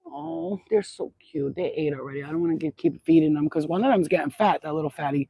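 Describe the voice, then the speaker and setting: A woman's voice: sits low, fast, mellow, breathy edge, no echo, low-quality recording. A middle-aged woman rambling in a casual livestream chat outdoors at sunset, swearing freely and repeating herself as she goes. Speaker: spiritual channel host.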